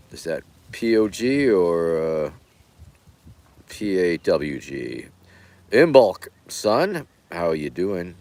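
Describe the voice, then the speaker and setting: Hoarse, deep-voiced male stream host; deadpan, rambling, loose. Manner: rambling, deadpan jokey, many fillers. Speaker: livestream host. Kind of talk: casual stream chat.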